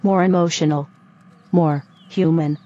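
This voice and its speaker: An actress playing a female robot who speaks in a flat, formal, stilted way. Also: low voice, measured pace, lo-fi sound. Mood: stiff. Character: stiff female robot leaving her partner.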